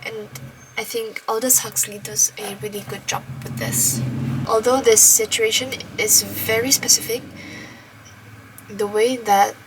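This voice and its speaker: Brief: woman reading a novel aloud, soft and unhurried, whispery at times, a little off-mic with faint hiss. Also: a little high, fairly even intonation, distant mic. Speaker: book vlogger reading aloud.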